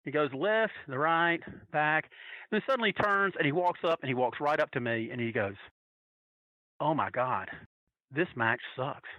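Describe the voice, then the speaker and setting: A man on a podcast telling a long, animated, profane story with plenty of restarts. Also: fairly high pitch, fairly quick, no echo, narrow, tinny audio. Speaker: podcast guest telling a wrestling fan story. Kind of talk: casual storytelling.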